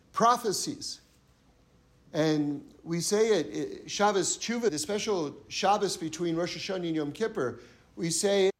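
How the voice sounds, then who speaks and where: A man giving an earnest sermon-style Torah talk who repeats his points for emphasis and tells parables. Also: high voice.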